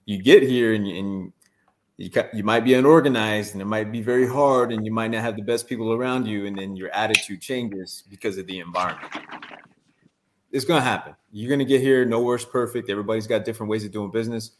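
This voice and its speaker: A man's voice: on the low side, a little fast. A man who is a guest on a casual talk show, giving blunt, direct advice full of military jargon. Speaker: guest, Marine recruiter.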